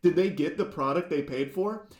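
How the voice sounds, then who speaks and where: A man's voice: a little high, moderate pace, roomy sound. A man giving video commentary, indignant and sarcastic, firing off pointed questions. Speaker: YouTube commentator.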